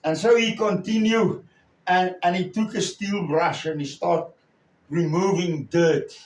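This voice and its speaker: A male preacher tells his sermon as a story, slowly and haltingly, with long pauses between phrases. His voice sits fairly high for a man. He is recorded from a distance in a strongly echoing room. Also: fairly even intonation, a little mellow. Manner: slow, halting delivery with many pauses. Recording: echoey room, far from the mic.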